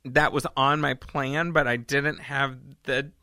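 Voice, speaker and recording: A woman co-hosting a podcast, telling a story in a casual, animated way and laughing often. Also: very deep voice, slow, no echo, studio quality. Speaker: podcast co-host.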